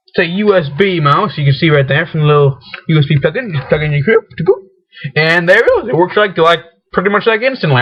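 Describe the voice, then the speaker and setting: A young man rambling in a casual vlog, excitable and full of restarts, often acting out his own panicked rants. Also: fairly high pitch. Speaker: vlogger. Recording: dull lo-fi webcam audio.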